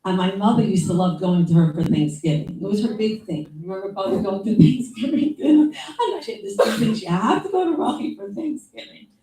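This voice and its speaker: A woman speaks informal memorial remarks in a mellow, darker voice. She rambles conversationally, with asides and quoted lines. She is heard from a distance in an echoey room. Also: mid-range voice, animated, brisk, hardly any pauses. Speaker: younger sister giving memorial remarks.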